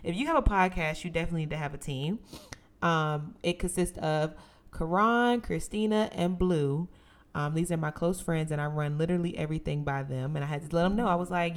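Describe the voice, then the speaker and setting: A young woman hosts her own podcast, talking to listeners like close friends. Her voice sits a little low for a woman, and she is playful and emphatic, pushing hard on the words she wants to land. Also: fairly quick. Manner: expressive, playful, sisterly and emphatic. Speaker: podcast host. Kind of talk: casual solo podcast talk.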